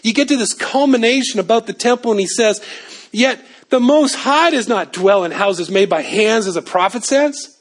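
A man with a high, light voice preaching a sermon. He builds to emphatic peaks and then drops to quiet, low asides. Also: animated, normal speed. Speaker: pastor.

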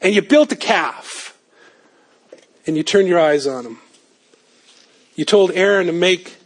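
A pastor delivers an animated sermon, climbing to emphatic peaks and then dropping into low asides.

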